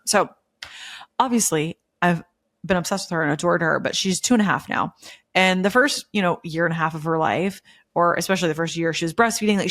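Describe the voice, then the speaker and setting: A woman in her thirties chats on her podcast in a gushing, emotional way, with plenty of "like" and "um" along the way. Her voice sits a little low for a woman. The sound is close and dry, with no room around it. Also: no echo. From Memphis, USA. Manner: gushing, emotional, chatty with many fillers. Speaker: podcast host. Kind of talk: casual chat.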